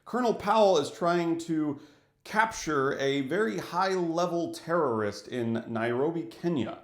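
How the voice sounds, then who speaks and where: A man's voice: a little high, measured pace. Man reviewing a film in an echoey room. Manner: animated, acts out scenes with little voices. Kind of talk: casual movie review vlog.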